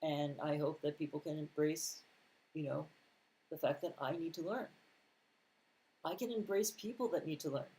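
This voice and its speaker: A man's voice: fairly high pitch, moderate pace, long pauses, mellow, poor audio. A man reading scripture aloud and commenting on it in a casual, conversational Bible teaching, with mild sarcastic asides. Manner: reads scripture aloud, then comments plainly.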